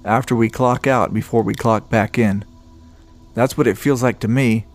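A man's voice: mid-range voice, fairly even intonation, normal speed, soft background music, lightly acted. A man voicing a restless male office worker who complains at length. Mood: exasperated. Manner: complaining, talkative.

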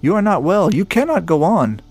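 Guy doing a gentle mountain guide, voice pushed way up, polite and earnest. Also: high-pitched, big pitch swings, moderate pace, slightly rough, soft background music, pitched above the performer's own voice, full character voice. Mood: concerned.

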